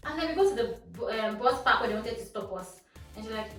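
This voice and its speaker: A young woman with a Nigerian accent telling a storytime vlog in a lively, animated way, dropping Pidgin phrases. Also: fairly high pitch, fast. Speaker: vlogger. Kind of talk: casual storytime. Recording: echoey room, voice from a distance, faint music.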